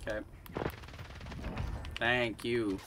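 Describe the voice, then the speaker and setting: A young man chatting casually while gaming, excitable and profane, laughing a lot. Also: mid-range voice, very slow, background noise. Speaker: gamer.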